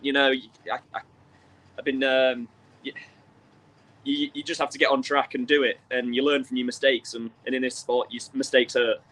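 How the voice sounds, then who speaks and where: A young man, a speedway driver, answering modestly in a casual interview with frequent pauses and ums. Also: medium pitch, level tone, a bit bright, rough recording. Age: young adult. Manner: modest, hesitant, many ums.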